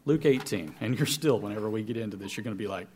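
A man in his forties preaching to a congregation, telling a folksy, self-deprecating story with animated delivery. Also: on the low side, fast, slight background noise. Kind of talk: storytelling sermon. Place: church hall with congregation.

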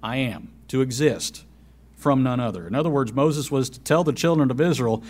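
A man preaching a sermon, who swings between loud emphasis and soft asides and repeats key phrases. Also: medium pitch, normal speed.

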